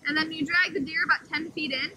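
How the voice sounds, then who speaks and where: Bright, high-voiced woman caretaker. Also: fairly even intonation, fast, slight background noise, low-quality recording. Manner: enthusiastic, talks to the wolves in a high sing-song voice. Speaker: wolf caretaker. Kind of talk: casual outdoor explanation to camera. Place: outdoors beside wolf pens.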